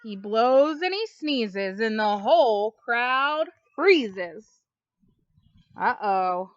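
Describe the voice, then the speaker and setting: A woman reading a picture book aloud to young children, slow and expressive, chatting with them between pages. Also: a little high, no echo. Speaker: storybook reader. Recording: dull, lo-fi home recording.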